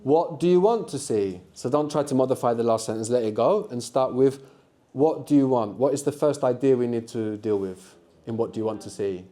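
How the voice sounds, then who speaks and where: Man, language teacher, live workshop, mellow dark tone, patient questioning, university classroom. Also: mid-range voice, a little fast. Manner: patient, prompting students with questions. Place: lecture room at a university.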